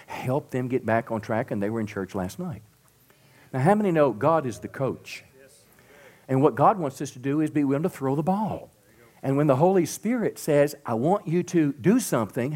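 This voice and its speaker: A middle-aged man preaching to a church congregation, swinging from loud emphatic peaks to soft drops and calling out to the crowd for responses. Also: medium pitch, lively intonation, a little fast. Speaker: pastor. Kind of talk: sermon. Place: church sanctuary.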